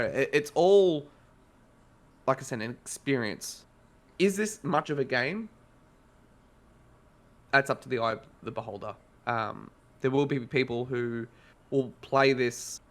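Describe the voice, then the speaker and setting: A man's voice: mid-range voice, fairly bright tone. Rambling Australian man on a podcast. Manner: rambling, self-correcting, conversational. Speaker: podcast co-host reviewing a game. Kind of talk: casual podcast chat.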